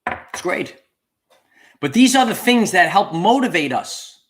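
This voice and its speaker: A man's voice: high voice, very animated, a little slow, fairly bright tone. A man hosting a spiritual livestream, talking to his viewers and repeating key phrases with preacher-like emphasis. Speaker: channel host.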